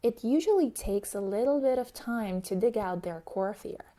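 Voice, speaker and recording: A woman instructor giving a calm, explanatory scripted narration about coaching methods. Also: fairly high pitch, moderate pace.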